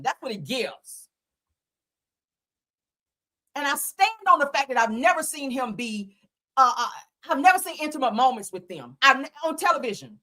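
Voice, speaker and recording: A woman commentating live on reality TV in a high, bright, lively voice. She is blunt and profane, with heavy emphasis, and she reads viewers' comments aloud. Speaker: host.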